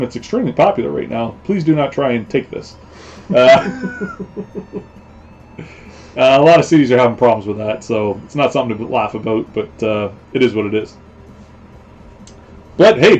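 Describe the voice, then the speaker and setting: A man of middle pitch hosts a casual live stream, talking in a loose, rambling way. He leans on fillers and keeps repeating the same stock phrases. The audio is a bit muffled and dull. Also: darkish tone. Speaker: host.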